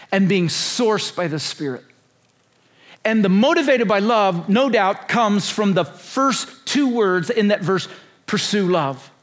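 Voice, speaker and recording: A conference speaker in his sixties, whose voice is fairly high for a man, delivers a sermon. He preaches emphatically and repetitively, firing rhetorical questions at the crowd.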